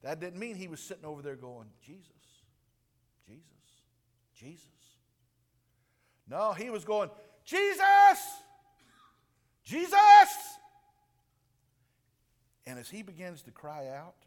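A man preaching a sermon with animated delivery, dropping to a hush and then booming out. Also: brisk, few pauses. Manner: animated, swings from hushed to booming. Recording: long reverb of a large room.

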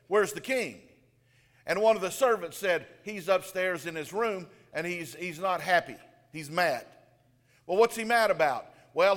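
A man with a high voice preaches a sermon, telling a story and voicing its people in turn. His words ring out with a long reverb, as if filling a large church. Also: fairly bright tone.

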